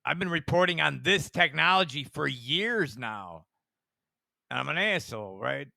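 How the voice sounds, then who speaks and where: A man's voice: a little high, lively intonation, a little slow, vocal fry, sharp tone, no room sound. A man giving rambling, profane commentary with a conspiratorial edge, full of asides and chuckles. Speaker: online commentator.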